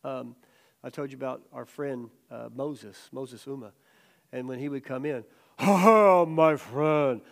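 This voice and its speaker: A middle-aged man teaching a casual Bible study as a sermon, telling stories animatedly and acting out quotes loudly. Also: medium pitch, fairly even intonation, moderate pace, creaky.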